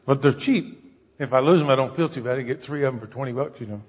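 Husky-voiced preacher in a reverberant hall. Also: male voice, medium pitch, fast talker. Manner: conversational, rising to emphatic, asks the congregation questions. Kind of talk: sermon. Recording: dull lo-fi recording with long hall reverb.

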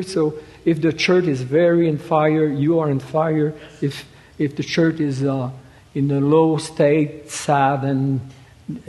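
Halting preacher man in a reverberant hall. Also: fairly high pitch, darkish tone. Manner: halting, repeats words, rises to emphatic quoting. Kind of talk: sermon.

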